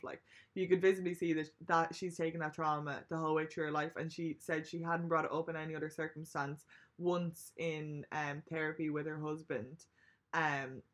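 Bright-voiced young woman telling a story. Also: low voice. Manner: animated storytelling, swears freely. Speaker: podcast co-host. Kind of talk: casual chat.

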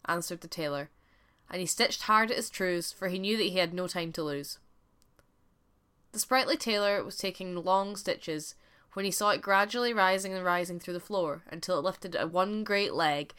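Bright-voiced woman telling a folk tale. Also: on the low side, moderate pace, clean tone. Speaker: podcast storyteller. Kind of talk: scripted folk tale narration.

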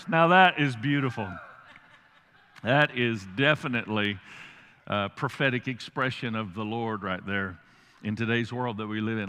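Casting: middle-aged male pastor, folksy preacher, bright tone, long hall echo. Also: medium pitch, moderate pace, smooth. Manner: folksy, humorous, animated asides. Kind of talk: sermon.

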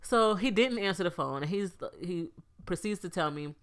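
Woman, low voice, smooth clear tone, animated storytelling, casual podcast chat. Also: normal speed. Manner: animated storyteller, acts out quotes. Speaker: podcast co-host.

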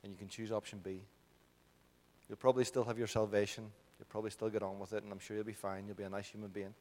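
A man's voice: fairly low pitch, flat delivery, fast talker. Irish man preaching in a reverberant hall. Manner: impassioned, builds to loud peaks then drops soft. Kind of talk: sermon. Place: church hall.

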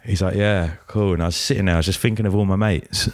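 Man, young adult, very low voice, laid-back, casual storytelling. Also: steady tone, fast, dry recording, clean studio sound. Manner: laid-back, swears freely, heavy use of "like".

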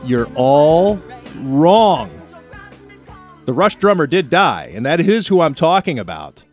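A man's voice: on the high side, big pitch swings, slow, soft background music. A man hosting a radio talk show, telling a story in a chatty, playfully indignant way. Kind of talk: casual studio banter.

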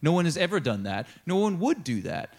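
A man's voice: fairly high pitch, sing-song, a little fast, gravelly, a little mellow. A man preaching a sermon in a casual, conversational way, acting out quotes and laughing now and then. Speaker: pastor.

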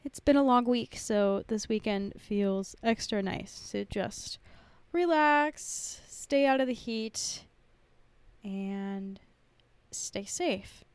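A woman hosting a podcast in casual chat, bubbly and chatty, quick to laugh. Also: mid-range voice, smooth, dry recording. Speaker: podcast host.

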